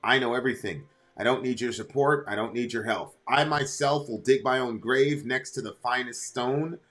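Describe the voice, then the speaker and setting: A man's voice: mid-range voice, normal speed, fairly bright tone. A middle-aged American man co-hosting a reaction show, reading lyrics aloud and explaining them at length in casual chat. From United States.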